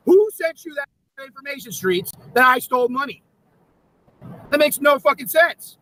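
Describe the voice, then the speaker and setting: A man's voice: extremely high pitch, fairly quick, pushed and bright, poor audio. A man ranting angrily on a livestream, swearing constantly and repeating himself in indignation. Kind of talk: angry livestream rant.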